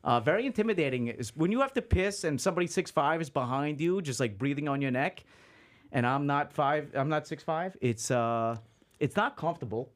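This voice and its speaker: A man hosting a podcast, chatting casually with his guest, halting often with fillers and swearing freely. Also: on the high side, expressive. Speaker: podcast host. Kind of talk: casual interview chat.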